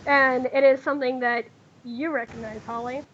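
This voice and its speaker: A woman narrating as game master in a tabletop game, talking haltingly with many fillers and restarts. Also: sits high, steady tone, highs cut off, noisy background.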